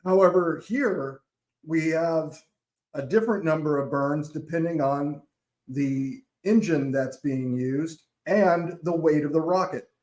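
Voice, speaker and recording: A man explaining board game rules in a casual, halting way, with many fillers and self-corrections. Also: a little high, a little mellow. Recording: echoey room.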